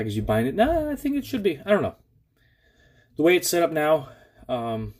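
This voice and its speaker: A man's voice: fairly low pitch, a little mellow. A man with a stuffy nose giving a casual, rambling update on his drone gear, full of fillers and restarts. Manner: rambling, filler-heavy, restarts mid-sentence. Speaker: FPV drone hobbyist vlogger.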